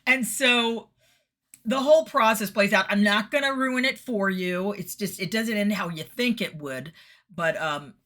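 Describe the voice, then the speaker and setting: A woman's voice: medium pitch, a little slow, bright, forceful tone. A middle-aged woman telling stories in a chatty monologue, laughing often and acting out the people in them. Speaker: vlogger giving weekly messages. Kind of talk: casual storytelling monologue.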